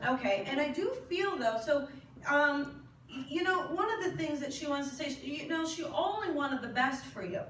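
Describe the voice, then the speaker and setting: High-voiced woman medium in echoey hall. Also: lively intonation, normal speed, fairly bright tone, far from the mic, a little hiss or hum. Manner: chatty, questioning the audience, frequent laughs. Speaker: spiritual medium. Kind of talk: live medium reading to an audience. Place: hall at a spiritual service.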